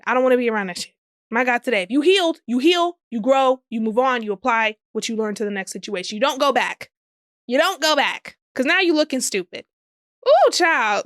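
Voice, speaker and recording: Here a young woman with a high, fairly bright voice talks her way through a casual solo podcast monologue. She's sassy, swears, and laughs a lot, and the sound is close and dry, with barely any echo from the room.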